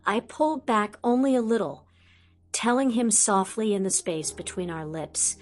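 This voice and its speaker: A woman narrating a first-person audiobook in a soft, measured way. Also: medium pitch, faint music behind.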